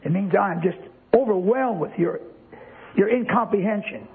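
A man's voice: high voice, normal speed. A male preacher giving an emphatic sermon. He repeats words for stress and keeps asking the congregation rhetorical questions. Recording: tinny lo-fi, phone-like sound.

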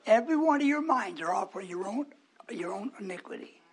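A man preaching a sermon to his congregation, moving between hushed, whispered asides and raised, emphatic lines, with chuckles between. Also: high voice, animated, brisk, husky.

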